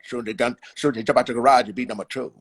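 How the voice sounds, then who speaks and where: A man voicing a fervent, fast-talking man with an underbite. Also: medium pitch, steady tone, breathy edge, pitched below the performer's own voice. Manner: fervent, clipped through an underbite.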